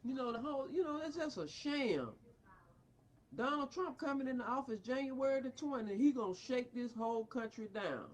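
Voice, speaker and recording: A parent who is furious with a psychiatrist delivers a confrontational, preachy rant. Her voice swings widely in pitch as she scolds. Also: lively intonation, moderate pace. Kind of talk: angry rant addressed to a doctor.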